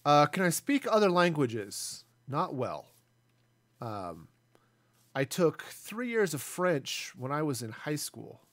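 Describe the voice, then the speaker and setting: A man's voice: a little high, big pitch swings, slow pace, a bit bright, no echo. A man in his forties chatting casually and self-deprecatingly as he streams a building game. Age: 40s. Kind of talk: casual live gameplay commentary.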